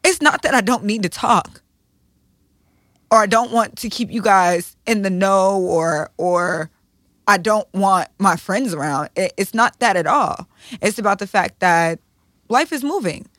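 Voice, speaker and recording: A woman's voice: mid-range voice, expressive, unhurried, fairly bright tone, no room sound, studio quality. A woman in her thirties co-hosting a podcast, talking candidly in a blunt, profane, emotional way. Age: 30s. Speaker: podcast co-host.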